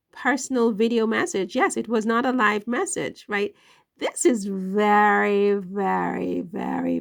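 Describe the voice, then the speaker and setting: A woman's voice: a little high, vocal fry. A woman giving casual online commentary, emphatic and questioning, often checking in with "right?".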